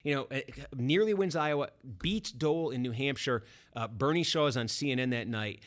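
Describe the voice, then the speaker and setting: Rapid-fire storytelling man from Boston. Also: medium pitch. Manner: animated, detail-packed anecdotes. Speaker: author and guest. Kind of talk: fast political storytelling.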